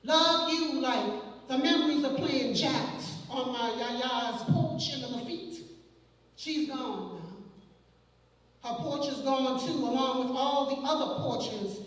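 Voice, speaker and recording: A woman performing spoken word poetry in a slow, dramatic delivery that drifts into song, on a live stage. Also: high-pitched. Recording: echoey hall, from far off.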